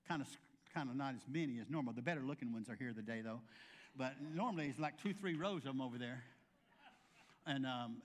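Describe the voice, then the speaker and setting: High-voiced male pastor preaching. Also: fairly bright tone. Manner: folksy storytelling with humorous asides; acts out quoted voices. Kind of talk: sermon.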